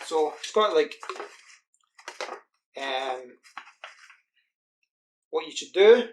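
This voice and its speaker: A man's voice: a little high, animated, very slow. A man from the UK giving a casual, rambling product demo at home. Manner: chatty, rambling with fillers. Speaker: product reviewer. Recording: echoey room with faint hiss.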